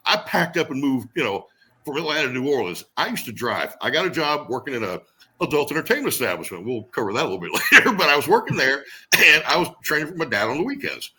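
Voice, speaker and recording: A middle-aged man tells his story at a quick clip, his voice husky and bright. He swings his pitch widely and acts out other people's lines as he goes. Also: rough recording. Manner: animated storyteller who acts out quotes, swears freely. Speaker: guest wrestler. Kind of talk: storytelling interview.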